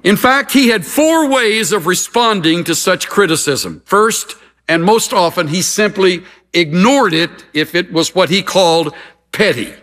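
A man preaching a sermon, measured and emphatic, with dramatic pauses between phrases. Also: sits high, lively intonation, fairly bright tone. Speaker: pastor. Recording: preached in a reverberant hall.

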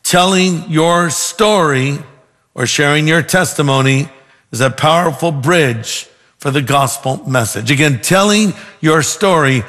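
Male pastor, sermon, fairly high voice, earnest and emphatic, long reverb, faint music. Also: fairly bright tone. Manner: earnest, emphatic, slows down to stress points.

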